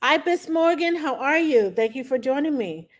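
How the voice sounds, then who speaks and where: A woman's voice: sits high, moderate pace. A woman hosting a casual livestream as a nanny. She tells stories with animation and acts out what she was thinking back then. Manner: animated storytelling, acts out her own past thoughts.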